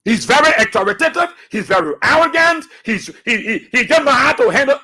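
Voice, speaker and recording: A man's voice: extremely high pitch, lively intonation, fairly quick, few pauses, sharp tone, husky. A man with a Liberian accent, hosting a radio talk show and delivering a preachy, combative political monologue full of repetition and scripture. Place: radio studio.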